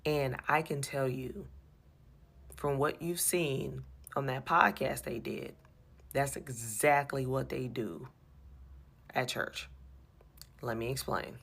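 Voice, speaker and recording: A woman with a low, gravelly voice tells an exasperated story about her church. She talks with animation and circles back over her points. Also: slow, long pauses. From USA. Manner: animated, exasperated, repeats herself. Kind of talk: personal storytelling.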